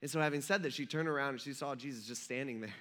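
A man's voice: medium pitch, fast, sharp tone. A man in his thirties preaching a casual sermon as pastor, chatty and joking as he retells the story. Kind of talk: casual sermon with humorous asides.

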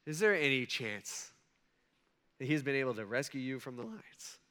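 A man's voice: medium pitch, sing-song, moderate pace, sharp tone, clear, resonant tone, voice pushed down. A man voicing an anguished ancient king who calls out in desperation. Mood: desperate.

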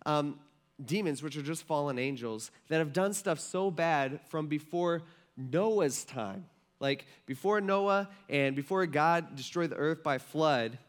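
Guy preaching a laid-back sermon, kinda high voice, lots of likes and ums. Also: a bit bright. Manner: conversational, filler-heavy, asks the room questions. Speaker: pastor. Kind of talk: casual sermon.

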